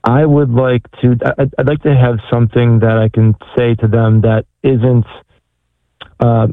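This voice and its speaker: A man speaks haltingly over a tinny, dry phone line, with a flat, level intonation. He stumbles through his words with frequent fillers. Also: mid-range voice, creaky, dry recording. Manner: hesitant, halting, many fillers. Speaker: caller. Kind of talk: phone call-in.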